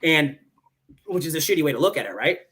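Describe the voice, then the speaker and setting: A man in his thirties, a Marine staff sergeant guest on a podcast, telling stories in casual chat, animated and casually swearing. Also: a little high, very fast, slightly rough.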